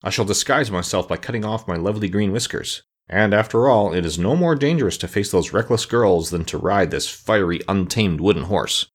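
A man's voice: fairly low pitch, a little fast, hardly any pauses, breathy edge. A man voicing a frightened, sulky old soldier with a long beard in a storybook reading, in a fearful manner. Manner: breathless and fearful, then sulky. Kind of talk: audiobook character reading.

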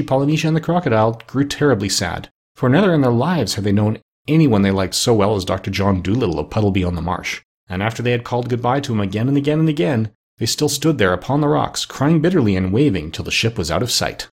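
Husky male storybook narrator. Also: mid-range voice, brisk. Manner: steady, expressive read-aloud.

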